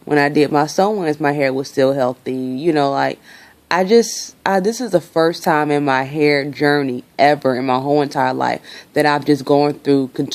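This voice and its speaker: Young woman, low voice, frustrated vlog rant, swears freely. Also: normal speed. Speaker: vlogger.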